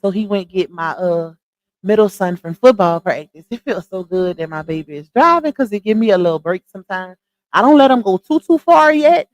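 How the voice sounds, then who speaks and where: A middle-aged woman, chatting casually with viewers on a live stream and giving her opinions in an animated, talkative way. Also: medium pitch, brisk, no echo, low-quality recording. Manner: chatty, animated, addresses viewers as y'all and child. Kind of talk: casual chat commentary.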